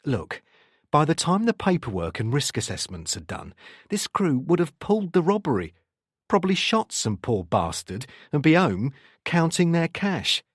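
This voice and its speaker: A man's voice: fairly high pitch, moderate pace, husky, no echo, studio quality, pitched above the performer's own voice. A man voicing a self-assured, hard-boiled male detective with a London accent in an audiobook. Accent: London English. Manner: calm, reassuring.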